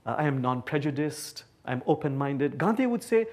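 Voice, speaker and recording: Animated man lecturing. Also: a little high, normal speed. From Bangladesh. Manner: animated, playful storyteller. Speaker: guest speaker. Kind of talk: public lecture. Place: talk before a live audience.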